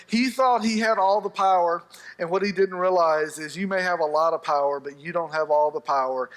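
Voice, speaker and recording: A male pastor delivers a sermon in a church sanctuary, his voice pitched high for a man. He tells stories with a humorous touch and acts out the voices of the people in them. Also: a bit bright.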